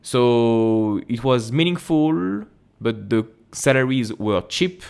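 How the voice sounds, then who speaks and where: A man with a French accent hosting an investing channel, commenting on an earnings report while sharing his screen, reading haltingly, correcting himself and breaking off into quick asides. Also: mid-range voice, animated, creaky, a little mellow, smooth. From France.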